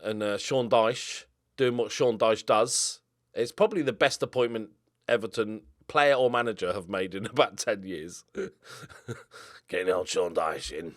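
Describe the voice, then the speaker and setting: A young man giving casual gameplay commentary, excitable, swinging from mumbled asides to loud outbursts. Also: fairly low pitch, measured pace, no room sound, studio quality. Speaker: gaming YouTuber.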